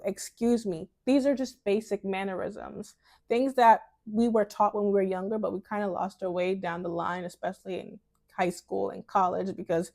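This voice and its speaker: A young woman from New York giving casual advice in a vlog, chatty and expressive, often laughing. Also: medium pitch. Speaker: lifestyle vlogger.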